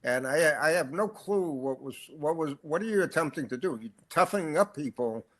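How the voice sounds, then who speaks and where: A man with a slightly raised pitch hosts a sports history podcast. He talks in an easygoing, chatty way, breaking in with quick reactions. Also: animated. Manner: conversational, reacts with short interjections. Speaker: podcast host. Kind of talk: casual interview chat.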